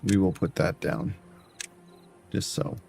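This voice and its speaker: A man's voice: low voice, slow pace, gravelly, a little mellow, soft background music. A man streaming a building game, muttering and thinking aloud as he plays. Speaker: variety streamer. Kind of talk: casual gameplay commentary.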